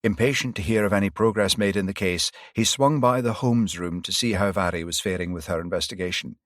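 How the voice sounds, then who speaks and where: A man with a low voice reads a crime novel aloud in an even, measured way. The recording is dry and close. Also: dry recording. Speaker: audiobook narrator. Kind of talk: scripted narration.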